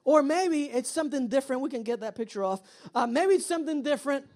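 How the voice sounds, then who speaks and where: A woman delivers a sermon in a fairly high voice. She talks to the congregation directly and acts out the people in her stories with plenty of energy. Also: quick pace. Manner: animated storytelling, acts out quoted voices. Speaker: pastor. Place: church.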